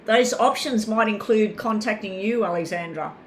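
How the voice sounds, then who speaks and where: A woman's voice: mid-range voice, moderate pace, slight background noise. A woman giving live tarot readings, talking in a chatty, rambling way and addressing viewers by name. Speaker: tarot reader.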